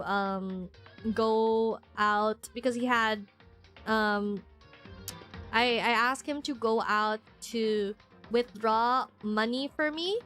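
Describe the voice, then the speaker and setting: A woman's voice: fairly high pitch, a bit bright. A woman streamer in casual live-stream chat, rambling and chatty with lots of fillers and frequent laughs.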